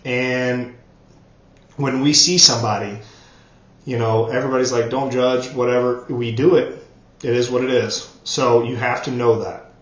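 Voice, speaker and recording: A man's voice: medium pitch, steady tone, normal speed. A man giving an earnest motivational training talk, repeating words for emphasis. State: choked up, coughing. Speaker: network marketing trainer. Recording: roomy, dull lo-fi sound.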